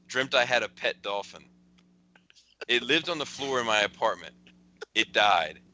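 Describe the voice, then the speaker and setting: A man's voice: medium pitch, expressive, a little slow, pushed and bright, muffled recording, a little hiss or hum. A man hosting a casual podcast, chuckling as he rambles through a friend's text messages. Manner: chuckling, rambling storyteller with restarts. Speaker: podcast host.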